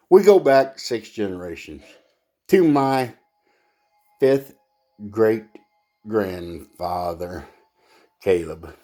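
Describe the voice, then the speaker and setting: A man doing stand-up comedy in a low voice, laughing at his own lines. He talks slowly and haltingly, with plenty of fillers between jokes. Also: warm tone.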